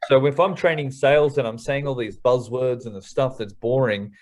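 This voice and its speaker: A man in his thirties with an Australian accent, a hip-hop artist telling stories in a casual interview, candid and quick to swear. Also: mid-range voice, fairly even intonation. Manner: candid, swears freely, fast slangy storytelling.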